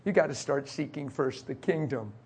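Husky preacher telling his story. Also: medium pitch, lively intonation, normal speed, darkish tone. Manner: emotional, confessional storytelling. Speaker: pastor. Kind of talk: sermon with personal testimony.

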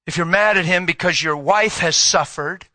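A middle-aged man preaching a sermon, telling a personal story and swinging from loud, fast passages to hushed whispers. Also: high-pitched, dry recording. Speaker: pastor. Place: church hall with audience.

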